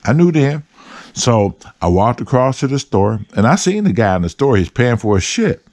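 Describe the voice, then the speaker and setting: Profane, animated man telling stories. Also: mid-range voice, normal speed, no echo. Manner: animated, heavy profanity, street slang. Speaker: host. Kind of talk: storytelling monologue.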